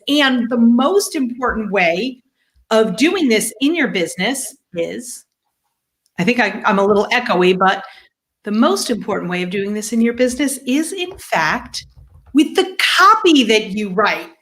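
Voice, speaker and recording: Woman co-host, higher voice, playful banter, slight echo on the line. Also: lively intonation, moderate pace, fairly bright tone. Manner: playful, joking asides. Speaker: podcast co-host. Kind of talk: lively live-show introduction. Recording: slightly echoey call audio.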